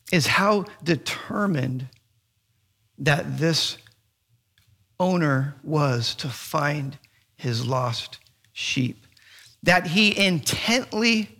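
A middle-aged man preaching a sermon. He tells stories with animation and often restarts his sentences. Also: high-pitched. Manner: animated storytelling, halting restarts. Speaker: pastor.

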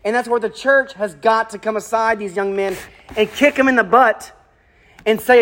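Very high-pitched man in his thirties, pastor delivering an emphatic sermon with repeated phrases. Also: moderate pace, fairly bright tone. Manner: emphatic, rhetorical questions, repeats key phrases.

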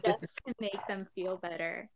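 A woman's voice: on the low side, steady tone, a little slow, a loud crowd. A young woman in casual chat, telling a rambling story and giggling often.

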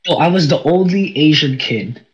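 A man's voice: fairly high pitch, lively intonation, moderate pace, muffled recording. Young man, podcast host, sick, nasal stuffy voice, rambling casual chat. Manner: rambling, laughs often, many fillers.

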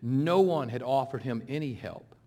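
A man's voice: lively intonation, moderate pace. Dramatic preacher man in a reverberant hall. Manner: dramatic, swings between loud appeals and hushed low retelling. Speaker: interim pastor. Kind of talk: sermon. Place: church sanctuary.

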